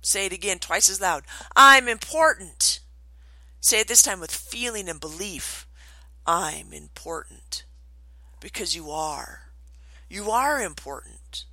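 A woman giving a motivational self-help talk, expressive and emphatic, often dropping to a whisper. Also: medium pitch, dry recording, low-quality recording. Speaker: motivational speaker.

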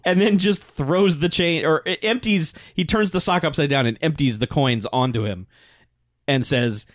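A man's voice: a little high, measured pace, no room sound, clean studio sound. A man co-hosting a casual movie-review podcast, retelling action scenes with lots of "like" and frequent laughter. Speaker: podcast co-host.

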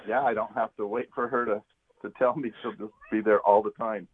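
A man's voice: fairly low pitch, steady tone, a little fast, husky. A male co-host on a talk show who answers with wry, dry quips. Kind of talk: casual radio talk show chat. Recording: tinny phone-like line.

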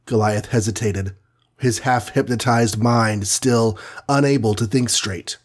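A man's voice: lowish voice, unhurried. A man narrating a superhero storybook with a dramatic, vivid reading. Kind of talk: scripted audiobook narration.

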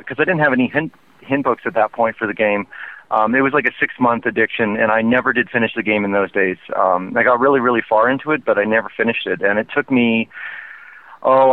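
A man co-hosting a casual podcast over the phone, rambling with restarts and quick laughs. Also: medium pitch, no echo. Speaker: podcast co-host. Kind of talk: casual chat. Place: in a car on the road. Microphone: mobile phone. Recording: tinny phone line.

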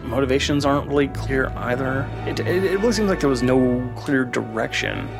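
A man's voice: mid-range voice, a little fast, gravelly, music in the background. A man delivering a vitriolic, profane rant in a monologue he recorded himself. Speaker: contributor sending a recorded rant.

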